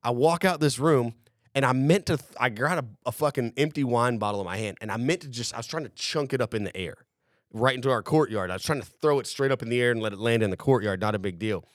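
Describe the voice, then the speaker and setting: A man's voice: medium pitch, fast, no room sound, studio quality. Profane, rambling male storyteller. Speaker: podcast host. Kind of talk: casual storytelling.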